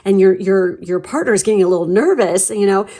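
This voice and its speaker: A young woman hosts a relaxed tarot reading in a loose, rambling way. Her speech is full of likes and ums, and she gushes excitedly as she goes. Her voice sits at an ordinary middle pitch. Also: brisk. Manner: chatty, rambling, gushing with fillers and swearing. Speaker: tarot reader. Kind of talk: casual pick-a-card tarot reading.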